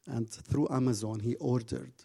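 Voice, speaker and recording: Speaking at a medium pitch with a steady tone and moderate pace, a man delivers a sermon and tells a story with passion. His voice has vocal fry and a breathy edge, he moves from hushed moments to loud bursts, and his English phrasing is slightly broken.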